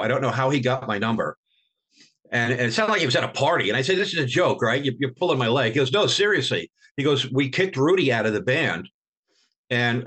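An older man, a veteran rock bassist, tells stories in an interview in a rambling way with many restarts, acting out the people he quotes. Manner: rambling, with many restarts, and animated when quoting others. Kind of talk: storytelling in an interview.

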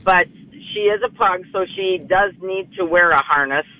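A woman's voice: lowish voice, moderate pace. Female radio caller, hesitant, lots of ums, phone line with faint hiss. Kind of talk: call-in radio question.

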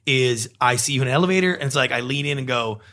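A middle-aged man, a guest on an interview, explaining ideas in a lively conversational way and acting out little quoted exchanges. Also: medium pitch, fast talker. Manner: animated storyteller acting out quoted voices. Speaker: guest, TV producer and pitch coach.

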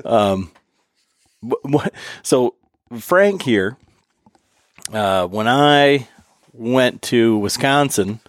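A man's voice: mid-range voice, drawn-out words, pauses often, no room sound, clean studio sound. A man hosting a casual hunting podcast, telling stories with lots of laughter and acting out what others said. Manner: animated, laughing storyteller who acts out others' lines. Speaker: podcast host.

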